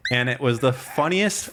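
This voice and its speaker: A man's voice: medium pitch, a bit bright. Rambling, profane male podcast co-host. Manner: rambling storyteller, many fillers and profanity. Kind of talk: casual podcast chat.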